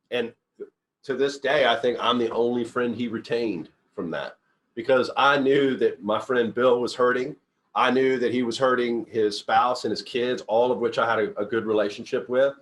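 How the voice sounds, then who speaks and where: Middle-aged male speaker, earnest and rambling, lots of self-corrections, average pitch. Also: fairly bright tone. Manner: rambling, restarts often, earnest storytelling. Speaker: company CEO giving a talk. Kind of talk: informal motivational talk.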